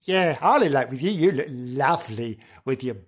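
A man voicing a young princess in a high falsetto, swooning and breathless over a dashing stranger. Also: lively intonation, normal speed, breathy edge.

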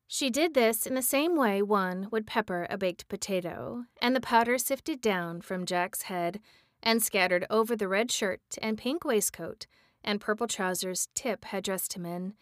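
A woman reading a storybook aloud, measured and expressive. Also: medium pitch, no room sound, clean studio sound. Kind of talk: storybook read-aloud narration.

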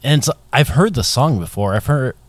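A man's voice: medium pitch, lively intonation, normal speed, dry recording. A man co-hosting a podcast in casual chat, teasing his partner and laughing often. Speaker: podcast co-host.

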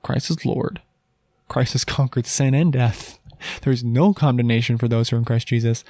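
A man's voice: medium pitch, normal speed, warm tone, no echo. A man hosting a podcast, giving a casual Christian teaching talk in an earnest, emphatic way, with many rhetorical questions and restarts. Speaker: podcast host.

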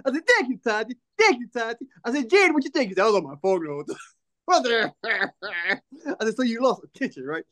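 Fast-talking high-voiced man. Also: big pitch swings, sharp tone. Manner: quick storytelling, mimics family members' voices. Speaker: podcast co-host. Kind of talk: casual chat.

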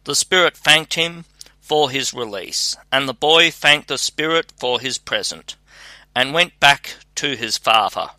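Slow, bright-voiced male storyteller. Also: medium pitch, animated, dry recording. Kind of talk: scripted fairy-tale narration.

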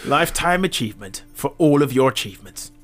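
A man's voice: medium pitch, animated, fairly quick, soft background music. A man co-hosting a comedy podcast, riffing playfully and laughing often in casual chat. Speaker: podcast co-host.

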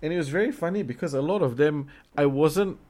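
A man's voice: on the high side, a little fast, darkish tone. A man from Singapore with a Singaporean English accent, talking casually and animatedly, swearing freely with lots of fillers and restarts. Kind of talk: casual conversation.

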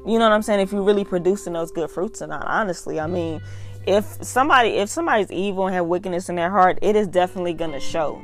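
A woman's voice: lowish voice, fast, soft background music. A young adult woman, earnestly reading and talking through scripture in a casual devotional vlog. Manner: earnest, emphatic, repeats "y'all". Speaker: faith vlogger reading devotional.

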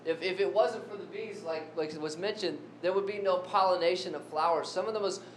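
Man, preacher, sermon, slightly high voice, questions to the congregation, roomy echo, low rumble behind. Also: fairly quick. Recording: echoey room with faint rumble.

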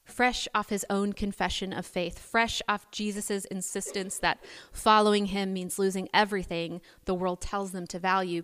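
A woman preacher giving a sermon, telling the story in an animated, playful way. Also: medium pitch. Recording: long hall reverb.

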